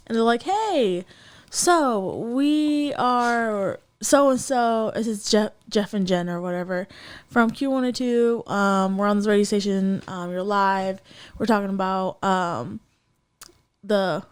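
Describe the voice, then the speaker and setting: A woman co-hosting a casual podcast tells a story animatedly, using lots of fillers and acting out voices in quoted lines. Her mid-range voice is clear and resonant, with a measured pace.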